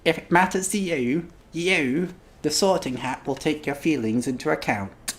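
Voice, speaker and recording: A man doing a gentle fatherly wizard. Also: fairly high pitch, moderate pace, pitched above the performer's own voice, close to an everyday voice. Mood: reassuring.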